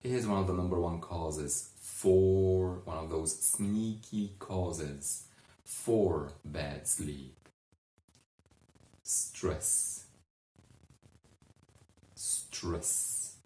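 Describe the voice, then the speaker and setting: A man coaching about sleep and telling a story, with an earnest, halting delivery and pauses. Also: deep voice, mellow. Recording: echoey room, distant mic.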